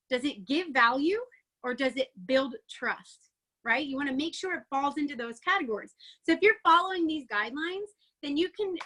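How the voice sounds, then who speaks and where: A woman coaching her sales team in a chatty, excitable motivational talk, a little out of breath, peppering it with "like" and "right?". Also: high-pitched. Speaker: network marketing team coach. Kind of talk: energetic motivational training talk.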